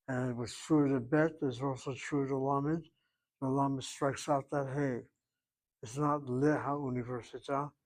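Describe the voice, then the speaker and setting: A man's voice: medium pitch, a little mellow, low-quality recording. An older man teaching a Hebrew class, explaining grammar patiently and repeating his points. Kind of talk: online class lecture.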